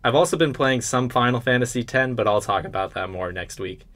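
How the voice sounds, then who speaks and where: A man's voice: medium pitch, brisk, very noisy. A young man co-hosting a podcast, chatting with enthusiasm about video games and filling his talk with "like". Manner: enthusiastic, chatty, many "like" fillers. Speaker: podcast co-host.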